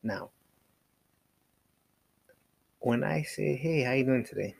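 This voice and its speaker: A man's voice: mid-range voice, slow pace, gravelly, slightly rough, no echo. A man hosting a casual solo podcast, rambling with lots of fillers, restarts and casual swearing. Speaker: podcast host.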